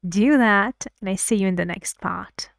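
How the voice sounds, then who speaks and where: A woman teaching English pronunciation in an online lesson, slowly repeating words to model intonation and encouraging her students. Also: medium pitch, vocal fry, no room sound, studio quality.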